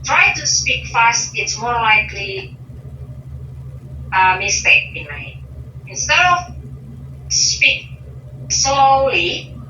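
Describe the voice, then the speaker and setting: A woman talking as a guest in a casual conversation, speaking hesitantly and pausing often to search for words. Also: a little high, animated, bright, forceful tone. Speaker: interview guest. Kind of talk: casual conversation about English learning. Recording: muffled, echoey room, distant mic, faint hiss.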